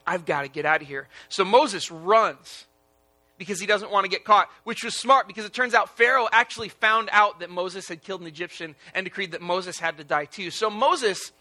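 A man's voice: sits high, pushed and bright. A young adult man preaching a sermon in a casual, conversational way. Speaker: pastor.

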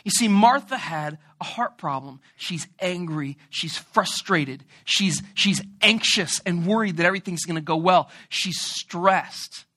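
A male preacher giving a sermon with a bright, sharp voice. He tells stories in an animated way and jokes with his listeners. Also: high-pitched, unhurried, few pauses. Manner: animated, joking storyteller.

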